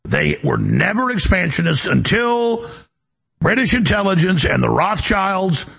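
Man, talk host, ranting monologue, swooping animated pitch, raspy. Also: measured pace. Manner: emphatic, rambling, repeats words when ranting.

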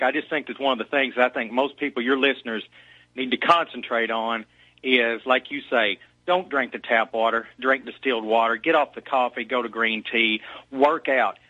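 A man with a Southern US accent calling in to a radio show, earnestly listing advice in quick strings. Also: medium pitch, bright, forceful tone, no echo, dull audio. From Kentucky. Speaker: caller. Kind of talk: phone-in call to a radio show.

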